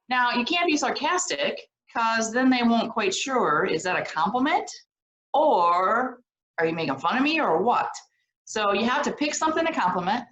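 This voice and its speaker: Animated woman teaching in an echoey room. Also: on the high side. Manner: animated, keeps checking in with "okay?". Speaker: program director teaching social skills. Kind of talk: lively classroom video lesson.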